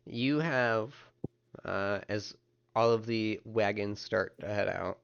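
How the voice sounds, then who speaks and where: Low-voiced man running a tabletop game. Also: slow, creaky, smooth, highs cut off. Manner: relaxed, rambling narration with restarts. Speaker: game master.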